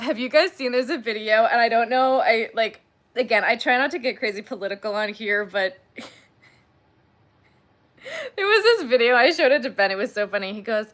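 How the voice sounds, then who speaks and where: Bright-voiced woman chatting on a livestream. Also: medium pitch. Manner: rambling, chatty, gushing, says "like" and "um" often. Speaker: crochet livestream host. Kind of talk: casual livestream chat.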